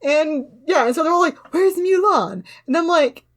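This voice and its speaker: A woman's voice: very high voice, lively intonation, moderate pace. A woman co-hosting a podcast, reviewing a movie in casual chat with sarcasm and frequent laughter. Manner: sarcastic, laughing, mocking voices when retelling scenes. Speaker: podcast co-host.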